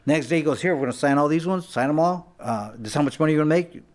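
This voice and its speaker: A man's voice: a little high, racing. A man, a former boxer, telling stories in a casual talk-show chat, with many restarts and acted-out quotes. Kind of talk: casual storytelling.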